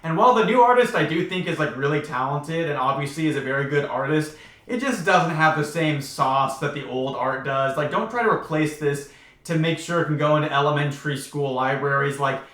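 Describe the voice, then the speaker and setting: A chatty young man in his twenties talks through a book in a loose, wry way, filling his sentences with "like." His voice sits a bit high for a man, and the room around him sounds echoey. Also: brisk, a bit bright. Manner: chatty, heavy use of 'like', wry. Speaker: book commentary youtuber. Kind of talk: casual commentary.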